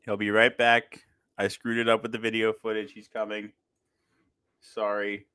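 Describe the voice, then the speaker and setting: A man hosting a casual chat over a video call, chatty and quick to laugh at himself. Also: lowish voice, completely flat delivery, pushed and bright, clean tone, no room sound. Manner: chatty, laughs often, self-deprecating. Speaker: podcast host.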